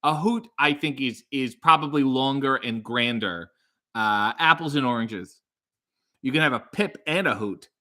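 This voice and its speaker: A man casually chatting and reading viewer comments aloud on a live stream, joking and animated. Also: mid-range voice, measured pace. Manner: animated, jokey, reads comments aloud in a bright upbeat voice.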